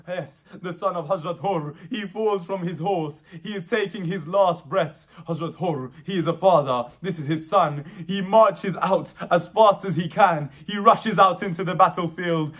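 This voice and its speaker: High-voiced man reciting an emotional mourning story. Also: normal speed, fairly bright tone. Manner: rhythmic, repetitive, swelling with emotion. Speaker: mourning orator.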